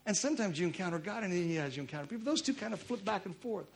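A man preaching a sermon as pastor, telling stories with sudden loud bursts of emphasis. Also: sits high, animated, very fast, gravelly.

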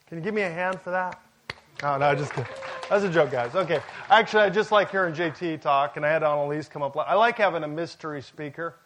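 A pastor with a fairly high voice preaches to his congregation. He keeps it conversational, dropping in jokes and asides as he goes. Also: quick pace, fairly bright tone, a little hiss or hum. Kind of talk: sermon.

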